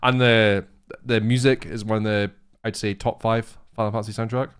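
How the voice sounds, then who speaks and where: A young man co-hosting a casual chat, excitable and rambling, swearing freely. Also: on the low side, normal speed, smooth. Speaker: co-host.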